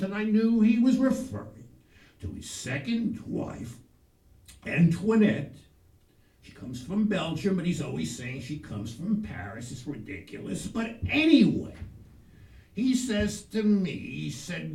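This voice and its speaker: A man hosting a comic show in a persona, telling folksy stories with sudden shouted bursts. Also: high-pitched, wildly swooping pitch, measured pace, creaky. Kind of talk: comic storytelling monologue. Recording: roomy, distant mic.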